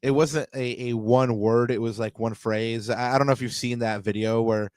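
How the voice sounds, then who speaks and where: A man's voice: mid-range voice, steady tone, moderate pace, a little mellow, dry recording. Rambling male soccer podcast host. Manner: rambling, many fillers and restarts. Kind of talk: casual sports podcast chat.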